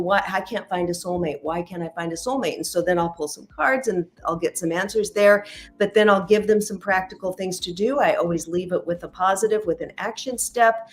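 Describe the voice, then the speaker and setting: A middle-aged woman, a matchmaker and intuitive reader, chatting as a podcast guest and acting out quoted dialogue as she tells stories. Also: lowish voice. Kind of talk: casual interview storytelling.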